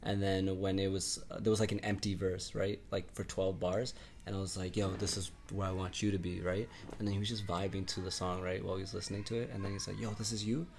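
A man from Canada, a music artist, telling a studio story in a relaxed way, with lots of fillers and casual swearing. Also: deep voice, fast, gravelly, a little hiss or hum. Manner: laid-back, lots of filler words and laughs, casual swearing. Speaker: interview guest, music artist.

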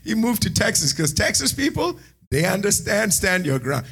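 A man preaching a sermon in church, animated, moving between hushed asides and shouted lines. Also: sits high, fairly quick, gravelly, slightly rough. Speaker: pastor.

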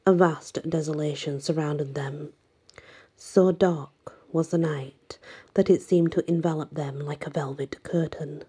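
A woman reading a folk legend aloud in a dramatic way, often sinking to a breathy whisper. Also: low voice, steady tone, unhurried, mellow. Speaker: narrator.

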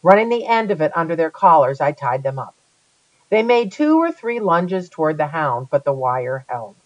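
An audiobook reader telling a first-person story with a lively, dramatic delivery. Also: medium pitch, normal speed, no echo, muffled recording.

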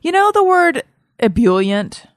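A woman's voice: on the low side, big pitch swings, moderate pace, a bit bright, no room sound, clean studio sound. A woman hosting a podcast, chatting in a playful, rambling way. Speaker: podcast host. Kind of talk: casual chat.

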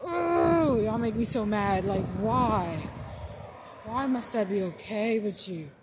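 A woman hosting a podcast, riffing in casual, slangy commentary, blunt and profane with drawn-out emphasis. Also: medium pitch, animated, noisy background. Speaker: podcast host.

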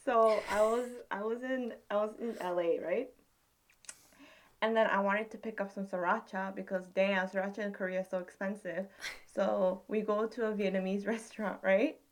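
A woman's voice: medium pitch, moderate pace, slight background noise. A young woman co-hosting a podcast, telling stories in casual chat. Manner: chatty storyteller, animated. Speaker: podcast co-host.

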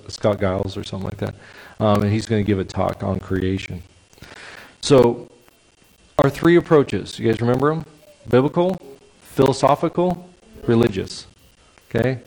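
A man preaching a sermon in a lively, conversational way, checking in with the congregation. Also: on the low side, gravelly, low-quality recording. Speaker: pastor.

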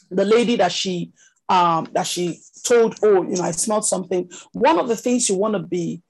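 Lady teaching on a video call, gravelly husky voice, chatty with lots of you know. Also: medium pitch, a little mellow, low-quality recording. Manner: conversational, many "you know" fillers. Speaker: prophetic ministry teacher. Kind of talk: teaching session.

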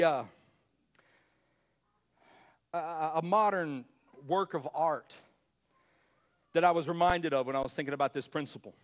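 A man preaching a sermon as pastor, emphatic, repeating his words and swinging between loud and quiet. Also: on the high side.

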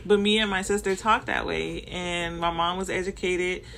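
A manager from Compton, Los Angeles, talks about her workplace experiences in a relaxed Southern Californian accent, full of fillers and self-corrections. Her voice is low-ish, gravelly and fairly bright, steady at a moderate pace, with slight background noise.

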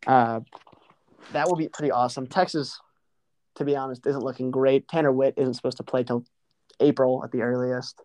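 A man's voice: mid-range voice, steady tone, moderate pace, a little mellow, dry recording. A young man co-hosting a podcast, chatting casually about sports in a joking, self-deprecating way. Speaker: podcast co-host.

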